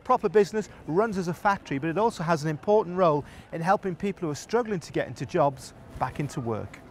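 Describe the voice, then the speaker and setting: A man's voice: on the high side, expressive, quick pace, background noise. Chatty male TV presenter. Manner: chatty, teasing banter with co-host. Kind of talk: presenting and voice-over narration.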